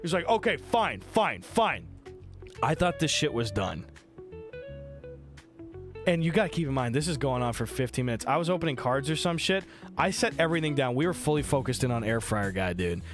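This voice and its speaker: Streaming from home into a desk microphone, a young man with a medium-pitched voice tells a story casually and animatedly at normal speed. He swears often and acts out what others said, with music playing underneath.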